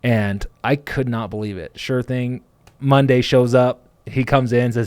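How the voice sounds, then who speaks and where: A man's voice: medium pitch, fairly even intonation, unhurried, darkish tone, clear, resonant tone, no room sound. A man telling a story in casual conversation, rambling and quoting what people said. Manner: rambling, many fillers and restarts, quotes people. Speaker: podcast host, plumbing business owner.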